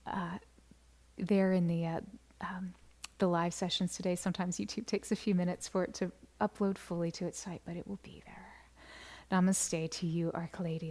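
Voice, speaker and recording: A woman hosting a live stream, reading viewer comments aloud in a soft voice that often drops to a whisper, with bursts of laughter and sung birthday greetings. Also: lowish voice, slightly rough. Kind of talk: live stream chat, gentle and affirming.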